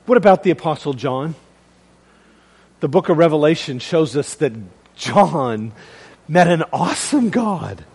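A man preaching a sermon, calling out to the congregation and swinging between loud proclaiming and hushed, dramatic lines. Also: a little high, lively intonation, a little slow, gravelly, pauses often, slightly rough, big-room sound. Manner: calls to the congregation.

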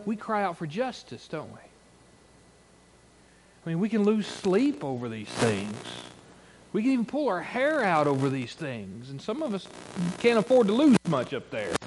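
A man's voice: high-pitched, slight background noise. A middle-aged man preaching a sermon, telling folksy, humorous stories and acting out the quotes in them. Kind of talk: sermon with storytelling.

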